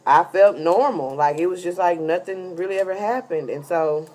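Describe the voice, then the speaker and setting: A woman's voice: lowish voice, moderate pace, darkish tone. A heavily pregnant woman telling a rambling, casual story in a vlog, full of fillers. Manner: chatty, rambling with many fillers. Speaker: vlogger giving a pregnancy update.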